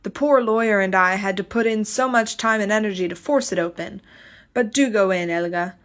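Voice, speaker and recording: A woman reading the lines of a patient husband who gently coaxes his frightened wife. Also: mid-range voice, fairly quick, lightly acted. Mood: coaxing. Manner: steady, reassuring, coaxing.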